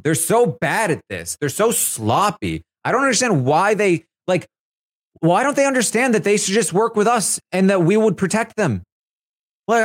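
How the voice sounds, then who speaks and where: A man's voice: sits high, dry recording, studio quality. A man giving a casual, sarcastic recap of a reality show as a podcast correspondent. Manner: animated, sarcastic storytelling.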